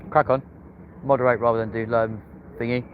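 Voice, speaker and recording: A man with a mid-range voice and level tone talks briskly as he hosts a live plane-spotting stream from a hotel rooftop near an airport. He's chatty, banters with his viewers, and cheers the planes on as they land. The audio is dull, lo-fi outdoor stream sound with traffic noise behind it.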